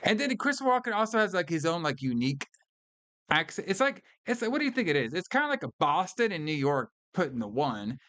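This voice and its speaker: A man co-hosting a film podcast, his voice sitting a little higher than most men's. He chats loosely, swears freely and laughs a lot, recorded close and dry with no room sound. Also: very animated, brisk, a bit bright, no echo. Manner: loose, profane, laughs often, fond of "all right" and "brother". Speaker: podcast co-host. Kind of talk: casual film review chat.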